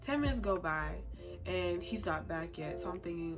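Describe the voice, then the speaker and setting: A young woman vlogger telling a personal story in a chatty, expressive, slangy way. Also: fairly low pitch, normal speed. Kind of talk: casual storytime. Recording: music playing under the voice.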